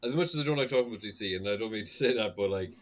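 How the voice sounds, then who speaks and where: A man's voice: on the low side, racing. A man co-hosting a podcast, rambling and loose, swearing freely. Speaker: podcast co-host. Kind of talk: casual chat.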